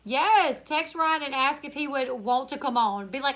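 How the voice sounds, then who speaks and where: A woman's voice: high-pitched, animated, normal speed, hardly any pauses, fairly bright tone. A tired woman from Northern Louisiana with a country accent, hosting a casual live-stream Q&A, chatting and reading viewer comments aloud. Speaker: YouTuber live-stream host.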